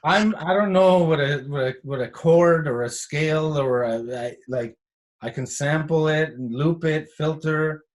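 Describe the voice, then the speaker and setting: Animated man telling studio stories. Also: on the high side, unhurried. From Canada. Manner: animated storyteller, acts out quotes, swears. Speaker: guest house music producer. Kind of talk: casual chat.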